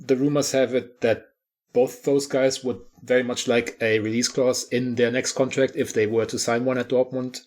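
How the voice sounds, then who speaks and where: A man co-hosting a podcast in casual discussion, explaining things in a measured way. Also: mid-range voice. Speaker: podcast co-host.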